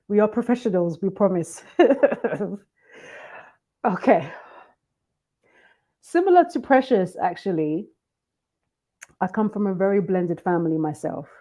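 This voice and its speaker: A woman's voice: lowish voice, expressive, slow, pauses often, warm tone. A woman on an online panel discussing faith, giggling and trying to compose herself. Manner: giggling, trying to stay serious.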